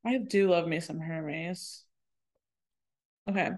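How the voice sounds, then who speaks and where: A woman co-hosts a casual podcast, trading quick jokes with her friend. She reads passages from a novel aloud and gives the dialogue lively, animated delivery. Her voice sits at a middle pitch. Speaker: podcast co-host.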